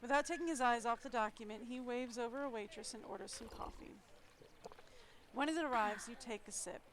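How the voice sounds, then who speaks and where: A woman's voice: on the high side, brisk, rough recording. A young woman streaming, reading a story game aloud with playful, wry asides.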